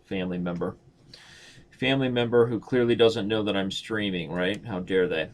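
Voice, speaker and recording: Man, 30s, lowish voice, chatty, self-mocking, casual stream talk. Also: normal speed. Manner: chatty, joking, self-mocking, thinks aloud. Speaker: chess streamer. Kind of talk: casual live-stream commentary.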